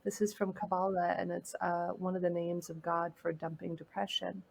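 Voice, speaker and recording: A woman guest in an interview, speaking earnestly and gently encouraging as she tells a personal story. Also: fairly low pitch, little pitch movement, normal speed, gravelly, breathy edge. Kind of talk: heartfelt interview talk.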